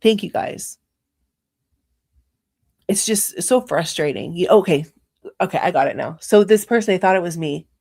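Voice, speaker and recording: A woman's voice: on the low side, lively intonation, normal speed, creaky, long pauses, darkish tone. A young adult woman hosting a livestream, ranting angrily and profanely at her chat. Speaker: livestream host. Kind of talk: angry livestream rant.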